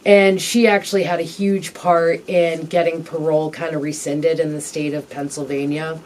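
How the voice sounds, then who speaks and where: A woman with a low, slightly mellow voice is an interview guest, sitting far from the mic. Her delivery is flat as she tells her personal story candidly, halting and reflective, with frequent pauses and ums.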